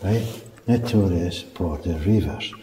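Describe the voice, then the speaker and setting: A middle-aged Scottish man leads a castle tour, chatting and telling stories with a chuckle now and then. His voice sits low and dark, and he speaks slowly. He's recorded from a distance in a large, echoey castle room, with noise in the background.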